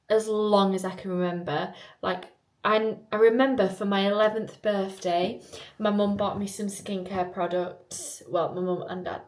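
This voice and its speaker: A young woman chats away to camera in a loose, rambling vlog style. Her mid-pitched voice rings with a roomy echo off the hard bathroom walls. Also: a little mellow. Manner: chatty, rambling, upbeat. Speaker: vlogger. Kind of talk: casual vlog narration.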